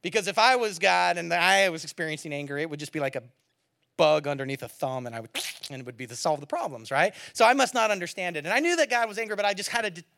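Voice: mid-range voice, a bit bright. A pastor preaching a sermon with rising passion, building to fiery emphasis and then settling back.

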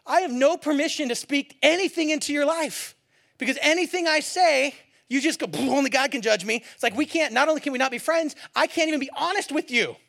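A man's voice: very high-pitched, gravelly, pushed and bright. A middle-aged man preaching a sermon as a pastor, in a conversational, joking way that acts out what people say.

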